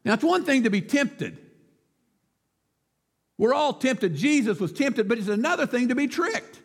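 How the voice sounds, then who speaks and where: Male pastor, very high voice, emphatic sermon, long reverb in a church. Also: sing-song, moderate pace. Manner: emphatic, rhetorical questions, declamatory.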